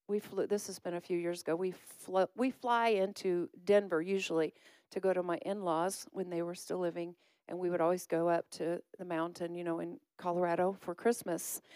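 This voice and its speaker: A woman's voice: mid-range voice, a little mellow, clear, resonant tone, no echo. Chatty woman pastor preaching. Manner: chatty storytelling with laughs. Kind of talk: sermon.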